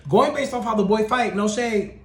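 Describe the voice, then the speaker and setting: A young man telling a storytime tale in an animated, profane, slang-heavy and sassy way. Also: high-pitched, normal speed, slight background noise. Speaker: storytime vlogger. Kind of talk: casual storytelling rant. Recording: roomy echoey room.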